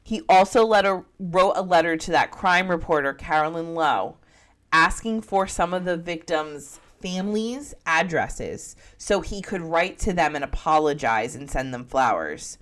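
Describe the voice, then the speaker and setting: A woman's voice: on the low side, animated, a bit bright. A woman co-hosting a podcast, telling a true-crime story casually with brash, profane jokes. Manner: brash, profane, quick-joking. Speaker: podcast co-host.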